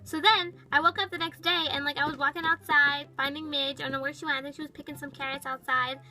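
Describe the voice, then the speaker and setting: A woman voicing a bratty, high-pitched girl pet. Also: fairly even intonation, quick pace, bright, forceful tone, low-quality recording. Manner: valley-girl chatter, full of "like". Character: bratty, dramatic young female toy pet. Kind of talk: toy-figure storytime narration.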